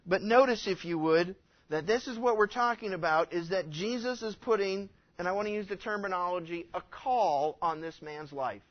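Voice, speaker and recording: A male pastor preaching a sermon, animated and acting out the voices he quotes. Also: high-pitched. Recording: dull lo-fi recording.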